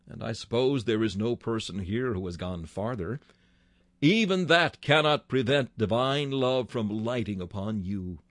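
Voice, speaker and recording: A man's voice: mid-range voice, dry recording. A man preaching a sermon with fervent delivery, his voice rising sharply on key words.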